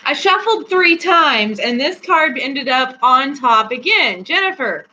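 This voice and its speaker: A woman with a high-pitched voice swings widely in pitch, speaking unhurriedly in a bright, forceful tone. She's the host of a casual live-stream tarot reading, chatty and giggly with frequent fillers. The sound is slightly dull with a faint hum.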